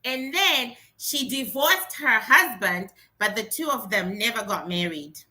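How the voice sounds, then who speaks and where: High, bright-voiced excitable woman. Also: unhurried, slight background noise. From Africa. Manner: excitable, exclaims often, chatty. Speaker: vlogger. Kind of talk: casual unboxing vlog.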